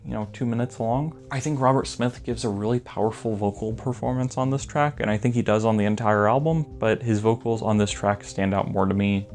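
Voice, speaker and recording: A man's voice: lowish voice, brisk, hardly any pauses, a little mellow. A young man rambling enthusiastically through a casual album review, full of filler words. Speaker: music reviewer.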